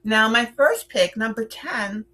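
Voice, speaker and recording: A woman's voice: on the high side, slow pace, pushed and bright. A woman hosting a playful, chatty countdown of horror films, with theatrical asides. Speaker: horror film reviewer. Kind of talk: casual film countdown chat.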